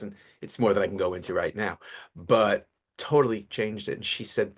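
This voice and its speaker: A man in his fifties, a public speaking coach interviewed as a guest, telling stories with animated delivery. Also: fairly low pitch, a little fast, husky. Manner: animated storyteller, acts out voices. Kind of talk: casual podcast interview.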